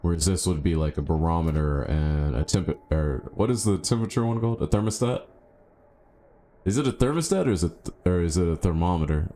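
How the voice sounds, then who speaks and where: Low-voiced, chatty male game streamer. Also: brisk, a little hiss or hum. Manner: chatty, thinks aloud, bursts into excited yelps. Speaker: gaming streamer. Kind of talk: casual live gameplay commentary.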